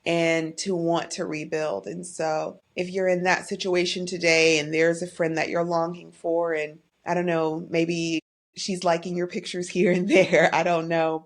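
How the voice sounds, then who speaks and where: With a fairly low, creaky voice, a middle-aged woman speaks from the heart on her podcast about her own life. The personal monologue is candid, openly emotional, and tinged with faith.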